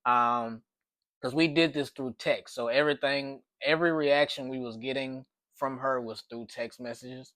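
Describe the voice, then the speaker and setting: A man's voice: mid-range voice, fairly even intonation, moderate pace, fairly bright tone, no echo. Rambling man telling a story, dry sound. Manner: rambling, with frequent restarts and repeats. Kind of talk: casual spoken storytelling.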